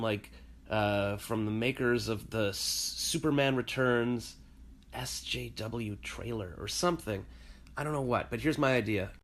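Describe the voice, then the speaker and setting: Rambling self-deprecating male vlogger. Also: fairly low pitch. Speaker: vlogger and voice actor. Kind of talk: casual vlog. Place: his home, alone.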